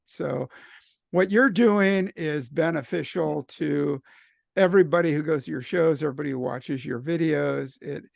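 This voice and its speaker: Gravelly-voiced interview host, dry sound. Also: male voice, fairly high pitch, dry recording. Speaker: podcast host, former police officer. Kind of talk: casual interview chat.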